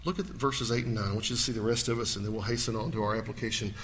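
A male pastor preaching a sermon in a church, swinging from loud to hushed. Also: on the low side, steady tone, rapid-fire, slight background noise.

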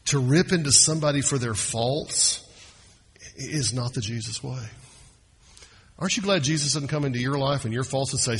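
A man preaching a sermon as pastor, swinging his pitch and loudness and slowing down to stress points. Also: lively intonation, breathy edge.

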